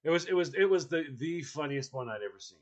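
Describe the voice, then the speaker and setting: A man chatting casually and telling a funny story, acting out the people in it with lively energy. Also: on the high side, fast talker, dull audio. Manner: animated, acts out people in his stories.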